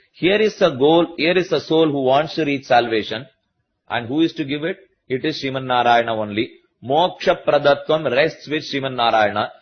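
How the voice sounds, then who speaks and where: Indian English man, spiritual teacher, husky voice, dull lo-fi sound, patient repetitive explaining. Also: medium pitch. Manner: slow, repetitive explaining to a live audience. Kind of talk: religious discourse.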